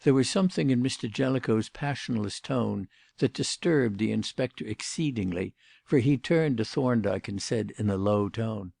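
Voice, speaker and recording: Casting: deep-toned, gravelly male narrator for a period mystery audiobook, dry close sound. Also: moderate pace, a little mellow, dry recording.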